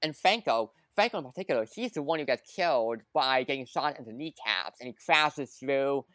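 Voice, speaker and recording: Lady recapping a movie on a podcast, super lively up and down voice, dry sound. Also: a bass voice, moderate pace, no echo. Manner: animated, recaps plot with quoted asides. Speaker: podcast guest.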